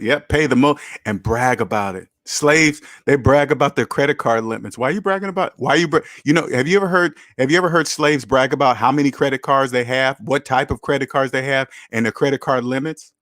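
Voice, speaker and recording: A man hosts a casual livestream, reads out viewer comments and answers them in an emphatic, repetitive way, firing off rhetorical questions. His voice sits at an ordinary pitch for a man. The sound is dry and close, with almost no room echo. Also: a little fast, a bit bright. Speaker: channel host reading chat comments. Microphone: camera mic.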